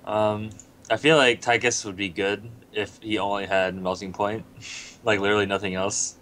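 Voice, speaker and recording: Low, bright-toned hesitant male guest. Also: moderate pace. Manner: relaxed, hesitant, lots of fillers. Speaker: guest player. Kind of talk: casual panel chat.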